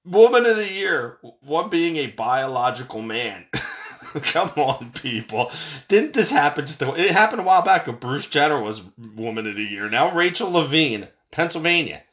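A man's voice: fairly high pitch, sing-song, moderate pace, a bit bright. A middle-aged man hosting a podcast, ranting casually with frequent laughter, swearing and restarted sentences. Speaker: podcast host.

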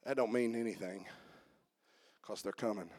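A male pastor preaching a sermon, telling stories and repeating phrases for emphasis, moving from quiet asides to fervent shouting. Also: on the low side, normal speed, no echo.

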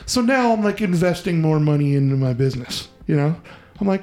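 A man hosting a podcast, telling a story in a casual, profane, animated way and acting out the voices he quotes. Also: fairly high pitch, fast, gravelly. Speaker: podcast host.

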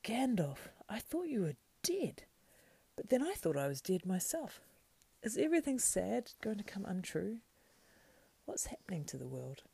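A woman's voice: mid-range voice, sing-song, normal speed, gravelly, dark tone, husky, no echo, voice pushed up, full character voice. A woman voicing a cheerful, homely young male hobbit servant who talks eagerly and plainly, in a storybook reading. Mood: amazed. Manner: eager, plain-spoken, country folksy.

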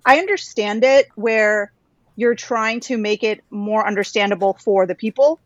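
A woman's voice: mid-range voice, normal speed, no echo, highs cut off. A woman chatting casually and frankly, often restarting her sentences, over a video call. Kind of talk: casual chat.

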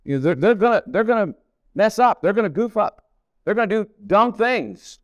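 A middle-aged pastor's voice sits high, with lively intonation at a moderate pace, as he preaches at a camp meeting hall. He tells family stories folksily and repeats himself for emphasis, and the recording is dry.

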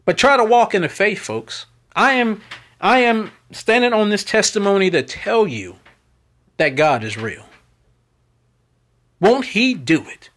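A man's voice: high voice, sing-song, a little slow, pauses often, fairly bright tone. A man hosting his own podcast, talking in an unfiltered, preachy monologue that repeats itself as he testifies about faith and pleads with listeners for support. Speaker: podcast host.

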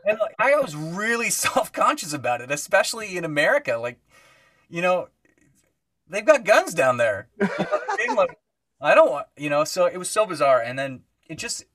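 A guest musician with a high-pitched voice, recorded far from the mic, tells stories at a moderate pace during a casual podcast chat. He is an animated storyteller who acts out quoted voices and uses many fillers.

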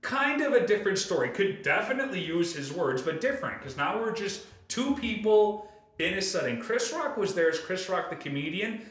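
A man's voice: high voice, normal speed, roomy sound. A man hosting a podcast, ranting in casual chat with lots of swearing. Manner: animated, profane ranting. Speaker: podcast host.

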